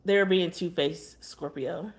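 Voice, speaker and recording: A woman's voice: on the low side, measured pace. A woman giving a casual tarot reading, blunt and chatty with exasperated asides. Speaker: tarot reader.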